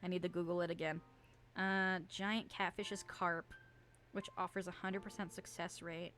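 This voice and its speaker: A woman's voice: lowish voice, little pitch movement, normal speed, a bit bright, faint music behind. A woman streaming a video game, chatting casually with her viewers and swearing often as she plays. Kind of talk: casual gameplay stream chat.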